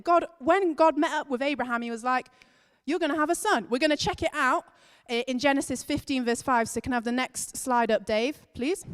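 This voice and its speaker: Woman giving a lively kids' talk. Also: high voice. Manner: emphatic, storytelling, stretching key words. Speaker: children's and families leader. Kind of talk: lively children's talk in church. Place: large church hall. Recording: long reverb of a church hall.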